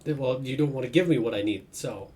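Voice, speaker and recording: A man's voice: mid-range voice, fast, warm tone. A man casually commenting while playing a video game, rambling and correcting himself as he goes. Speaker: let's-play host. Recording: faint background noise.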